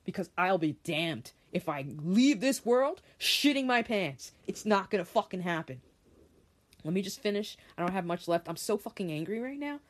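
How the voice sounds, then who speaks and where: A woman's voice: lowish voice, animated, normal speed. A woman hosting a solo podcast, ranting in a heated, profane way and repeating her points for emphasis while she reads an article aloud and comments on it. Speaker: podcast host.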